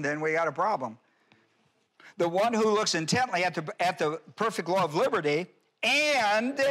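Bright-voiced pastor teaching Greek grammar. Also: male voice, high voice. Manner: emphatic, rhetorical questions, explains Greek grammar. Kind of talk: expository Bible teaching sermon.

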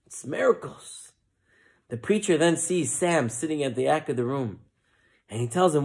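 A rabbi giving a relaxed, conversational sermon and telling a joke story, with joking asides. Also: male voice, on the high side, moderate pace.

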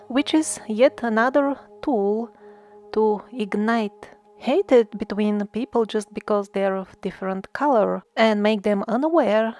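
Earnest high-voiced woman narrating. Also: a little mellow. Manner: earnest, explanatory, with frequent "uh" hesitations. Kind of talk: monologue narration.

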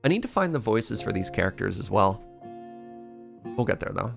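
A man streaming a video game live, with playful, excitable commentary. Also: lowish voice, moderate pace, creaky, faint music behind.

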